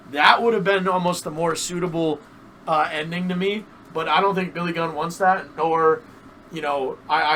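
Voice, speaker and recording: A man's voice: on the high side, a bit bright, distant mic, a little hiss or hum, rough recording. A man co-hosting a podcast, chatting casually and animatedly, swearing and repeating himself. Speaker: podcast co-host. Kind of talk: casual wrestling chat.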